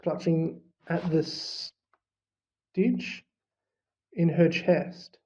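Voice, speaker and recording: An audiobook reader narrates at an unhurried, deliberate pace in a mid-pitched voice. The delivery is measured and even. The sound is a little dull and muffled. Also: gravelly. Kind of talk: storybook narration. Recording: slightly muffled recording.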